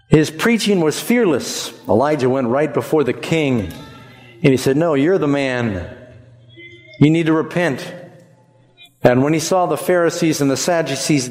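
A man's voice: on the high side, darkish tone. A man preaching a sermon with emphasis, leading the congregation in repeating phrases. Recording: long hall reverb.

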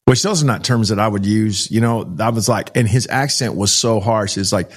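In an interview, a middle-aged man from Texas who runs a child rescue organization shares stories with animation, voicing the quoted lines himself. He speaks at a moderate pace in a lowish, slightly rough voice.

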